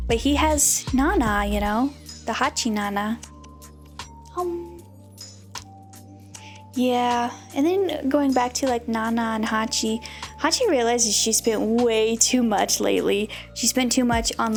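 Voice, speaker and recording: Bubbly high-voiced woman chatting. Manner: bubbly and chatty, full of "you know" and giggles. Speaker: VTuber host. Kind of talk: casual anime recap.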